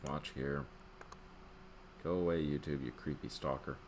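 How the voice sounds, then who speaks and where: An older man giving a casual rant about a video game, swinging between loud outbursts and muttered asides. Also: very deep voice, steady tone, measured pace, a little hiss or hum. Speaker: gaming commentator.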